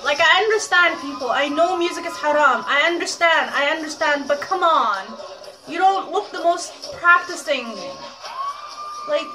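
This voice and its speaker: A woman's voice: sits high, normal speed, recorded from a distance, rough recording. A young woman at home, reacting emotionally to a video, exclaiming and blurting out her thoughts. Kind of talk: reaction vlog. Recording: loud concert music and crowd playing behind. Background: concert video with music and cheering crowd.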